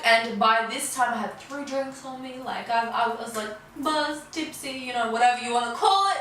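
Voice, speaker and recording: A woman in her twenties telling a storytime vlog in casual chat, animated and fast, dropping low and jumping high. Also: slight background noise. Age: 20s. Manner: animated, fast-talking, swings from low mutters to high outbursts. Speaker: vlogger. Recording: echoey room, voice a bit far from the mic.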